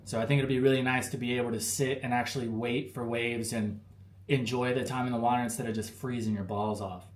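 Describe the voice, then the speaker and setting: A man's voice: mid-range voice, level tone, fairly quick. An American man hosting a live stream, answering chat questions in a laid-back, rambling way full of fillers. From United States. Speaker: livestream host answering chat. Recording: roomy with faint ambience.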